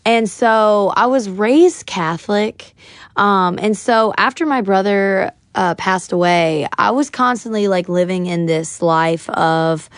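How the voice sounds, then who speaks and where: A young woman tells a personal story in a relaxed, chatty way, packing her talk with "like" and slipping into the voices of the people she quotes. Her pitch sits in the middle range, and the recording is dry and close with no room sound. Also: slow pace, no room sound. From United States. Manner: chatty, many "like" fillers, acts out quotes. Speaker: podcast guest, singer-songwriter.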